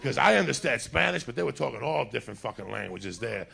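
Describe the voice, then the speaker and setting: A man doing stand-up, telling a rambling, profane story in casual talk and acting out other people's lines, a little high. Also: animated, fast, vocal fry, sharp tone. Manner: acts out other people's lines in put-on voices. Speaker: stand-up comedian.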